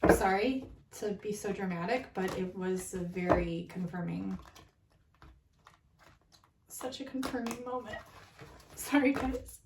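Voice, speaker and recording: A woman's voice: mid-range voice, a little slow, pauses often, far from the mic, noisy background. Emotional woman card reader in an echoey room. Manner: emotional, overwhelmed, swears and laughs between card readings. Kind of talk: casual spiritual card reading to viewers.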